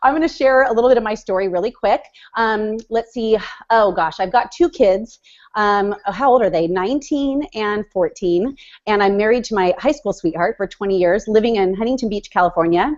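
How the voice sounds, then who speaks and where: A gushing, excitable woman in her forties tells her coaching story on a group call. Her pitch is middling. The line sounds dull and lo-fi. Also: moderate pace. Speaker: fitness business coach.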